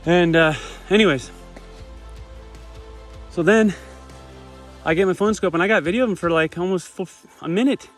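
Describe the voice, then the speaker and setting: A man telling his hunt story outdoors in remote mountain country, excited and emotional, swearing freely in casual vlog talk. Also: high-pitched, normal speed, pauses often, faint music behind. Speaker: hunter filming himself.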